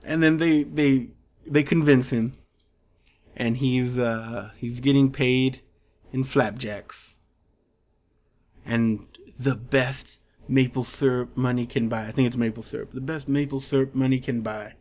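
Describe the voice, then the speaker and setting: A man's voice: medium pitch, fairly even intonation, measured pace, muffled recording. A man reviewing a comic book in casual chat, rambling through the plot with fillers and chuckles.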